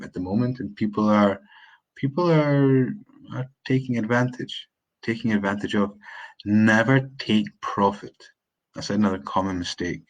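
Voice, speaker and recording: A man with a Scottish accent giving an unscripted live-stream English lesson, chatting with hesitant restarts and slowing down for his examples. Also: lowish voice, lo-fi sound. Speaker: English teacher.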